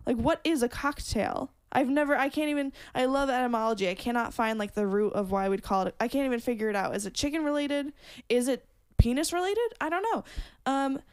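A woman's voice: high voice, fast talker, smooth. A woman co-hosting a podcast, telling a rambling story in casual chat with lots of fillers. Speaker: podcast co-host.

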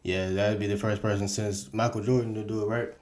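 A man co-hosting a casual sports talk show, agreeable and quick to chime in. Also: on the low side, level tone, a little mellow. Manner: agreeable, quick back-and-forth. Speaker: podcast co-host.

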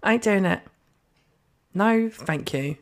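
A woman co-hosts a podcast in casual chat, ranting with plenty of swearing and slipping into mock quotes of other people. Her mid-range voice is expressive and slow.

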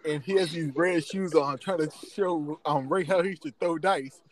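A man's voice: on the high side, moderate pace, poor audio. A man hosting a podcast, telling stories in casual chat and laughing often. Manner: animated storyteller, laughs often. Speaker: podcast host.

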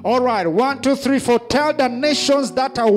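High-voiced preacher, rousing. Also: male voice, normal speed, soft background music. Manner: rousing call-and-response preaching, rising to shouts. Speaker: pastor. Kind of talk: sermon. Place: church. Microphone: handheld mic.

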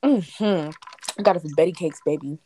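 A young woman co-hosting a casual podcast, relaxed and rambling with lots of fillers. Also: lowish voice, normal speed, noisy background. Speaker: podcast co-host. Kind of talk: casual chat.

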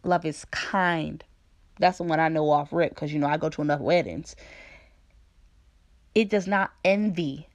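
A woman giving a personal devotional talk, candid and conversational, with playful asides and slow, deliberate scripture reading. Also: low-pitched, steady tone. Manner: reads scripture slowly and deliberately. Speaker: speaker sharing a faith testimony.

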